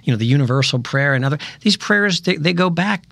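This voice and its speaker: A man's voice: mid-range voice, quick pace, gravelly, a bit bright, no room sound. A man talking animatedly about his prayer life in a faith discussion, often stumbling and restarting his sentences. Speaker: co-host of a Catholic reflection show.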